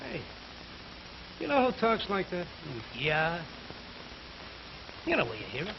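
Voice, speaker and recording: An actor playing a grumbling, bigoted construction worker with coarse slang, in 1940s radio acting on a dull old recording. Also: male voice, sits high, huge pitch swings, slow, vocal fry, slight background noise, full character voice. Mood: resentful.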